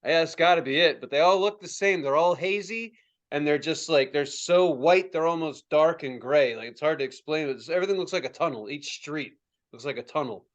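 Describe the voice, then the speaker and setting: A young adult man, a podcast co-host, telling a story in casual chat, swearing freely and acting out quotes in high yelps. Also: fairly quick, muffled recording. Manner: profane, animated, acts out quotes in high yelps.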